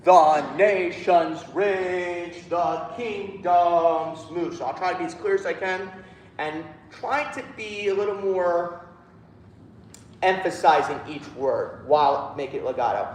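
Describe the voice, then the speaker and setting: A man's voice: sits high, expressive, moderate pace, reverberant, a little hiss or hum, poor audio. A man leading a choir rehearsal, coaching the singers and singing phrases to show them how. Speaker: choir director.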